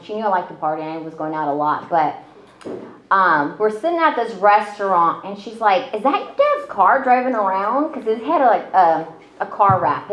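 A woman telling her own story in casual conversation, chatty and self-deprecating, with lots of fillers. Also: fairly low pitch. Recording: roomy, slightly dull audio.

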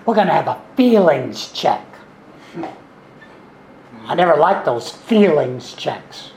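A man's voice: on the high side, a little mellow, slight background noise. Folksy seventy-something man in an echoey room. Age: 70s. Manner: folksy, repetitive, wry and sarcastic. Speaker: speaker sharing recovery story. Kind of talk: recovery meeting talk. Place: meeting room.

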